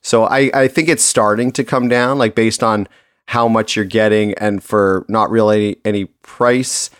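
Podcast co-host, man from Canada, low voice, dry close sound, relaxed and hesitant. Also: unhurried, clear, resonant tone, no echo. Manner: easygoing, hesitant, filler-heavy. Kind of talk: casual chat.

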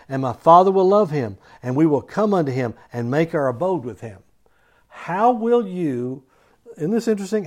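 A man delivering a sermon, reading scripture passages and then preaching on them in his own words. He moves between loud, emphatic stretches and hushed, near-whispered lines, often restating a word two or three times to drive the point home. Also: fairly high pitch. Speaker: pastor.

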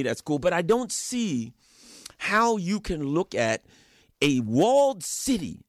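A middle-aged man delivers furious political commentary, his voice leaping up and down with animated force. He speaks a little higher than most men and hammers his points home with rhetorical questions. The sound is dry and close. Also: no echo. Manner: fiery, emphatic, rhetorical questions and mocking quoted voices. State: angry. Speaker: radio guest commentator.

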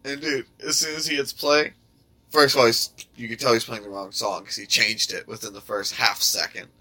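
A man's voice: mid-range voice, steady tone, brisk, creaky, pushed and bright. A man in casual chat telling jokes animatedly, with swearing and laughter.

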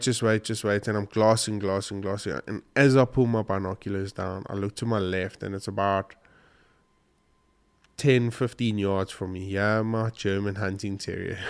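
With a lowish, clean-toned voice, a male vlogger shares a hunting story to camera in an informal, meandering way. He gets choked up and sniffly, and his emotional retelling is full of restarts.

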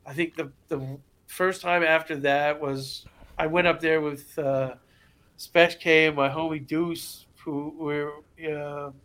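A man with a slightly raised speaking pitch tells a story as a podcast guest. His delivery is casual and animated, and he drops into the voices of the people in it, with plenty of swearing along the way. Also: slow, clear, resonant tone. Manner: animated, acts out voices in anecdotes, swears freely.

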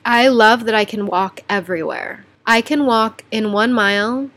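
Chatty, animated young woman vlogging. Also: on the high side. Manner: chatty and animated, quick shifts to quiet asides. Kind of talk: candid personal vlog.

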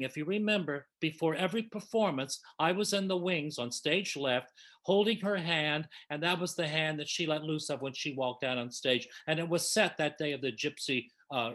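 An older man telling an emotional, effusive story from his past in a casual panel chat. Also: a little high. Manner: warm, emotional, effusive reminiscing. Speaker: panel guest reminiscing.

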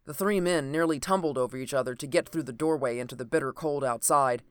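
A narrator reading an old adventure novel aloud in a steady, even storytelling manner. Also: medium pitch, fast, clean tone, no room sound.

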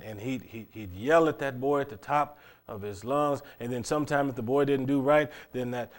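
A middle-aged man preaching a sermon, telling a long moral story with frequent stammered restarts. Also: mid-range voice.

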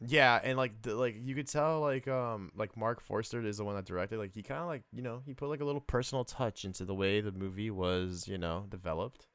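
Young guy w/ a deep smooth voice, casual movie chat, keeps stalling on um and like. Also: a bit bright, dry recording. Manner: halting, full of fillers and restarts. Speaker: podcast co-host.

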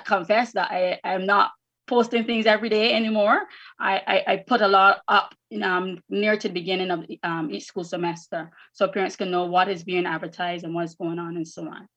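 An earnest woman educator answers interview questions, circling back on her words as she thinks. Her pitch sits at a middling level. The sound is a little dull and lo-fi. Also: a bit bright. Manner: earnest, repeats words while finding them. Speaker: educator and academy founder.

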